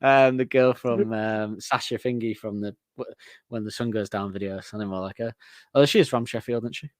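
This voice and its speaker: Male co-host of a music podcast, low, dry close-up sound, rambling chat with frequent laughs. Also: normal speed, dry recording. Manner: chatty and rambling, laughs often.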